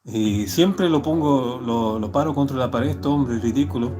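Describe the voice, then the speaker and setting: A man talking casually on his livestream, bragging and swearing freely with frequent short chuckles. Loud music plays behind his mid-pitched voice throughout. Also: moderate pace, rough recording. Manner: boastful, profane, chuckling often.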